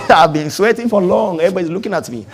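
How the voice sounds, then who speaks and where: A man preaching a sermon, switching between loud calls to the congregation, low asides and laughter. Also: fast. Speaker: pastor.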